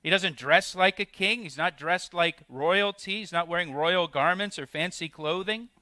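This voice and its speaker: A male pastor preaching verse by verse, his voice bright and forceful and pitched a little high. The sound is close and dry, with no room echo. Now and then he leans into a quoted line, letting his voice rise in disbelief. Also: normal speed. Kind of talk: expository sermon.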